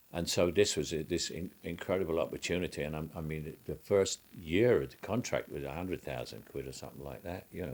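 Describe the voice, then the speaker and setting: Low-voiced older man reminiscing. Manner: rambling recollection with frequent restarts and chuckles. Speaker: actor. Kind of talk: reminiscing interview.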